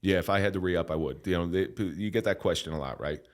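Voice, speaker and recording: Deep-voiced man telling a fervent story. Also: fast. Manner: animated, profane, preacher-like storytelling. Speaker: podcast guest. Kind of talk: casual storytelling.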